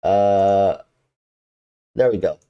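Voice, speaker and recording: A man's voice: sits low, extremely slow, warm tone, clean tone, highs cut off. Male livestreamer, congested and nasal, loose chatty delivery. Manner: chatty, often restarts his sentences. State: congested sinuses. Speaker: game streamer. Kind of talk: casual livestream commentary.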